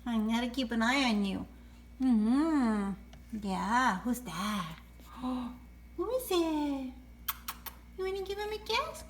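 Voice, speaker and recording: A woman's voice: a little high, sing-song, slow, long pauses. A woman filming her parrot at home, talking to him in sing-song baby talk, cooing, gasping and laughing often. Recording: echoey room with faint noise.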